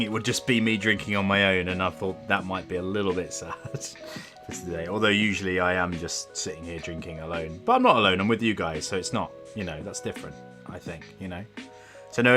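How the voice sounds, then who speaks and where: A man with a low, bright, forceful voice talks casually to his stream audience. He rambles from one thing to the next and pokes fun at himself. Soft guitar music plays faintly behind him. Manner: chatty, rambling and self-deprecating. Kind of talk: casual livestream chat. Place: at home.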